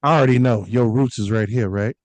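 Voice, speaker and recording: A man's voice: medium pitch, fairly quick, a little mellow, no echo. A man with a Chicago accent hosting a casual podcast interview, easygoing and asking questions. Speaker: podcast host.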